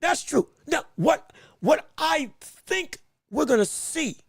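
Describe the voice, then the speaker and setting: A man hosting a live boxing podcast stream, talking excitedly, laughing, restarting his sentences and calling out greetings to viewers in chat. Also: extremely high pitch, slow pace, gravelly, no echo, clean studio sound. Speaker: podcast host.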